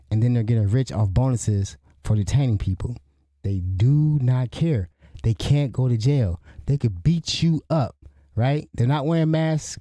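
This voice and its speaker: Indignant rambling man, dark voice. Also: mid-range voice, dry recording, clean studio sound. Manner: rambling, indignant, restarts often. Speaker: podcast host. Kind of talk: casual spoken commentary.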